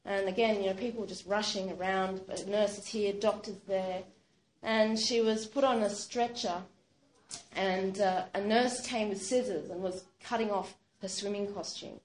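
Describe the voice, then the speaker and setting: A woman's voice: medium pitch, fairly even intonation, moderate pace. A woman telling a true-sounding story aloud in a conversational way, with plenty of "you know" and "sort of.". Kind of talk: spoken storytelling. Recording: roomy echo, faint background noise.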